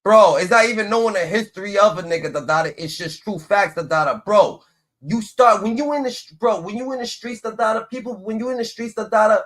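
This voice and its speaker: A man's voice: high voice, brisk, a bit bright. A man hosting a livestream, ranting in rambling casual commentary and filling his talk with "dun dun dun". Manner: rambling, swears often, uses "dun dun dun" filler. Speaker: livestream host.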